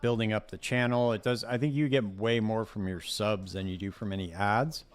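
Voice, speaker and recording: A man's voice: lowish voice, normal speed, clean tone. A man streaming a game live and chatting casually, rambling and leaning on "dude" all the time. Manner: rambling, says "dude" constantly. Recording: steady background noise.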